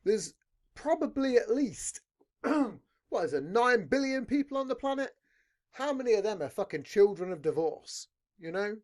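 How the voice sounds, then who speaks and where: A man's voice: sits high, very animated, moderate pace. A man hosting a podcast, swearing constantly and talking in a rambling, blunt, casual way. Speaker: podcast host.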